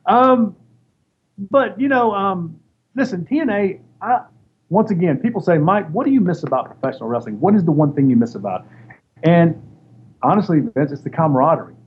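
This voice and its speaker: Husky and high, his voice brisk, a former wrestler tells casual stories as an interview guest. He animates them by acting out other people's voices as he quotes them. The recording has a dull, lo-fi sound with faint noise.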